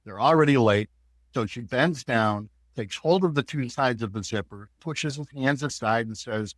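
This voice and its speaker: A man's voice: mid-range voice, normal speed, no room sound. A man co-hosting a parenting podcast, setting up segments and reading the outro in a friendly, conversational way. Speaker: podcast co-host and producer.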